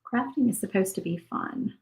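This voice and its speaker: A woman's voice: medium pitch, normal speed, vocal fry, a little mellow, roomy sound, low-quality recording. A woman, hosting a crafting livestream and chatting casually as she paints. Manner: chatty, thinks aloud while painting. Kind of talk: casual live crafting chat.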